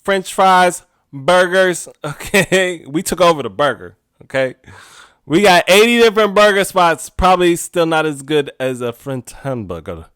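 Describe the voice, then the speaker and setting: A man hosting a podcast alone, telling a rambling casual story with frequent laughs and sudden animated outbursts. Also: high voice, a little slow, smooth, dry recording, studio quality. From United States. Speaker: podcast host. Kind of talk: casual solo monologue.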